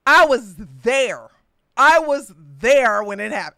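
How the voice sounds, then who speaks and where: A woman hosting a livestreamed political podcast, with a high, bright, clear voice. She is combative and mocking and laughs often. The sound is dry and close. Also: expressive, slow pace, no echo. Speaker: podcast host.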